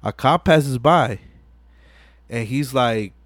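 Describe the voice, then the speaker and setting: A podcast host in casual chat, retelling a movie with lots of swearing and acted-out lines. His voice sits in a middle pitch. The mic is close and dry. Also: slow, dry recording. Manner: animated, profane storytelling with acted-out quotes.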